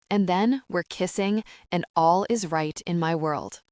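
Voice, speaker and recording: A woman narrating a first-person romance audiobook in a measured, intimate, soft manner. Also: fairly low pitch, no echo, studio quality.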